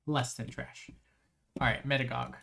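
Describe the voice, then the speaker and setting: A live streamer in casual chat, rambling and restarting phrases, voice strained with frequent throat clearing. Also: mid-range voice, little pitch movement, a little slow, a bit bright.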